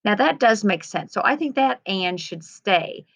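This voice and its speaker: A woman teacher gently talking young students through editing her writing, reading aloud patiently. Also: mid-range voice, lively intonation, measured pace, vocal fry, dry recording. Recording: slightly dull lo-fi sound.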